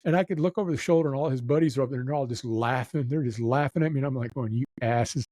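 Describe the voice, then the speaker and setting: A man's voice: medium pitch, quick pace, mellow, no echo, rough recording. A man telling a long story in casual chat, acting out the people he quotes. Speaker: nightclub manager telling stories.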